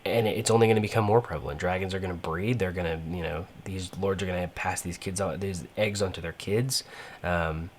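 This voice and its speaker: Man, very low voice, rambling strategy-game commentary, faint background hum. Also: fairly even intonation, a little fast. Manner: rambling, many fillers and restarts. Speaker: gaming channel host. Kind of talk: casual gameplay commentary.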